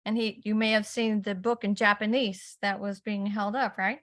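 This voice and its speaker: A woman's voice: medium pitch, fairly even intonation, normal speed, fairly bright tone. A woman on an online call who tells a story with enthusiasm and laughs easily. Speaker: call participant. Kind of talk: casual storytelling. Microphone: video call.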